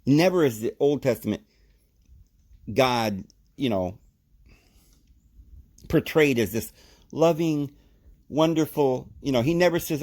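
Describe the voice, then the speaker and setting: Speaking at a measured pace with long pauses, a man gives Bible teaching on a podcast. He's lively and forceful, using short phrases and sudden shifts in pitch.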